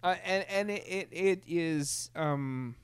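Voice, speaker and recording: Animated rambling man, dry sound. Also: fairly high pitch, slow, smooth, no room sound. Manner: animated, rambling with many restarts and laughs. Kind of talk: casual chat.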